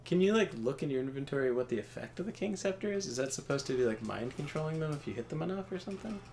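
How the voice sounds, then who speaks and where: A man's voice: on the high side, expressive, fast, darkish tone, a little hiss or hum. A man chatting casually and wryly while playing a video game with a co-host. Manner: chatty, wry, acts out quotes. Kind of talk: casual gaming chat.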